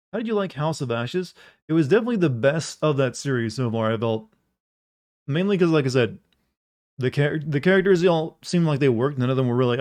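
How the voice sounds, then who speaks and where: A man's voice: mid-range voice, a little mellow. A man streaming a game, chatting casually with viewers in a sleepy, drawling way. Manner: sleepy, drawling, greets chat.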